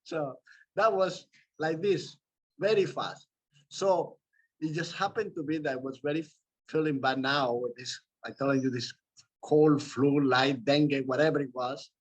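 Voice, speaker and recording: A man's voice: fairly high pitch, fairly even intonation, a little slow, breathy edge, rough recording. A man from South America, presenting a talk, tells a personal story in a loose, rambling way with restarts and asides. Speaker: presenter of a medical talk series.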